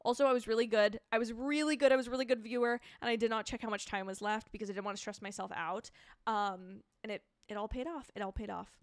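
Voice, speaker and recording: A young woman hosting a live reaction stream, chatting about a TV show and reading out viewer comments in an excitable, chaotic, gushing way. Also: a little high, fast, dry recording, clean studio sound.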